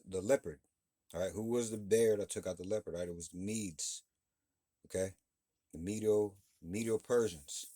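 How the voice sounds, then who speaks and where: A man with a fairly low voice teaches a Bible class, reading verses aloud and then explaining them. His delivery is loose and conversational, full of restarts, and he checks in with his listeners after nearly every point. The sound is close and dry, with no room around it. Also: a little mellow, no room sound. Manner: keeps checking in with "all right?" and "okay?" between points.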